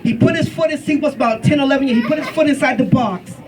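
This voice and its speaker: A middle-aged mother giving a farewell toast, telling an animated story and laughing often. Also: sits high, fast talker, far from the mic, faint music behind, poor audio. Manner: animated, laughing through the story, acting out the shouting. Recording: loud party crowd around.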